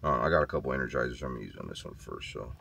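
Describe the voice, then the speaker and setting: A man vlogging outdoors on a small farm, chatty and worried, thinking out loud as he walks around. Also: a bass voice, big pitch swings, racing, vocal fry, noisy background. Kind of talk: casual vlog commentary.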